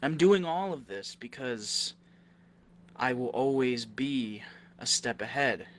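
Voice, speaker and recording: A man delivering a wrestling roleplay promo, measured and deliberate, turning to angry threats. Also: mid-range voice, slight background noise.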